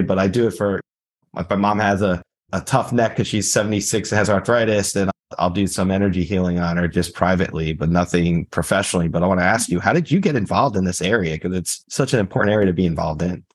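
A male show host with a lowish voice, speaking earnestly to his guest. He talks in a friendly, slightly halting way, with small restarts. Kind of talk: interview hosting.

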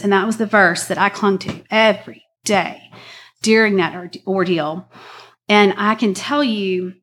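A woman's voice: mid-range voice, measured pace, a bit bright. Chatty woman telling her story. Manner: chatty and earnest, many fillers, says y'all. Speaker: guest sharing a personal story. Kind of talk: personal testimony talk.

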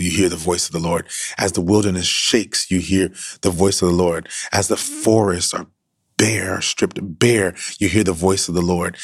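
A man with a very low, gravelly, husky voice preaches as a pastor. He speaks earnestly and sometimes drops to a hushed whisper to stress a point. The sound is dry and close. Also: no echo. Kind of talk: sermon.

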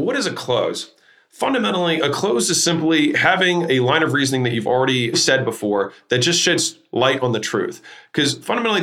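A man hosting his own podcast, teaching sales techniques in an emphatic, energetic way, shifting his tone and pace to make points. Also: medium pitch. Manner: energetic, emphatic, varies tone to demonstrate. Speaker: podcast host.

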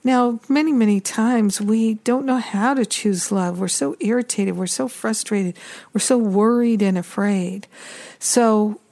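Woman doing slow gentle spiritual talk, mellow soft voice, kinda repeats herself like praying. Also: a little high. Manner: slow, gentle and repetitive, with prayer-like passages. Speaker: spiritual teacher and podcast host.

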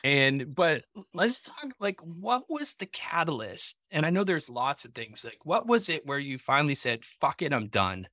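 Bright-voiced rambling man host. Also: fairly high pitch, sing-song, moderate pace, hardly any pauses, dry recording, clean studio sound. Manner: rambling, swearing, many likes and restarts. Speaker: podcast host. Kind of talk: casual interview talk.

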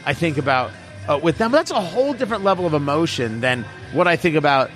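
Animated, blunt middle-aged man. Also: a little high, fast, faint music behind. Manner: blunt, opinionated, emphatic. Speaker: radio host. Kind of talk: casual chat.

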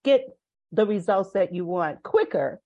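A woman's voice: medium pitch, lively intonation, a little slow, dark tone, dull audio. An older woman, a parenting guest on a podcast interview, who speaks in an earnest, emphatic storytelling manner.

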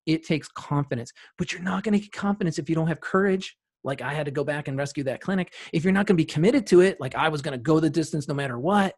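A man guest on a podcast, telling stories from running a practice with emphatic repetition and loud rising bursts. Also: fairly high pitch. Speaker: guest, practice owner and CEO. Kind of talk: podcast interview storytelling.

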